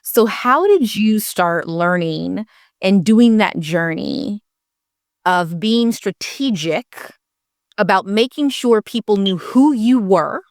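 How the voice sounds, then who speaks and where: Woman host asking measured questions. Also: mid-range voice, no room sound, studio quality. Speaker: podcast host. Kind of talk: interview question.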